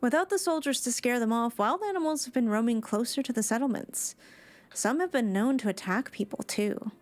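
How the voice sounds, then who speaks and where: A woman's voice: on the high side, brisk, close to an everyday voice. A woman reading aloud the lines of a worried female villager asking for help, in an earnest, polite manner. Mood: reassuring.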